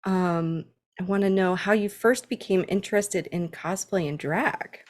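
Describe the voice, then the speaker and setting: A woman's voice: medium pitch, unhurried, darkish tone. Woman podcast host, mid-range voice, friendly, laughs a lot. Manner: friendly, giggly, loses her train of thought. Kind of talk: casual interview chat.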